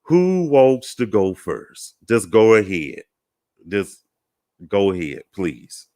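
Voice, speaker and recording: A man's voice: lowish voice, very animated, takes it slowly, mellow. A man hosting a Christian panel talk show, easygoing and folksy, rambling a little and chuckling as he opens the discussion. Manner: rambling with fillers, gets tongue-tied. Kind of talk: casual panel discussion opener.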